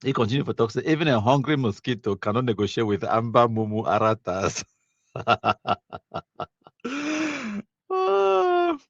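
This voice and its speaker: A man's voice: fairly low pitch, fast talker, hardly any pauses, dry recording, dull audio. A man with a Cameroonian accent hosting a live stream, casually reading viewer comments aloud, mixing in Pidgin and laughing often.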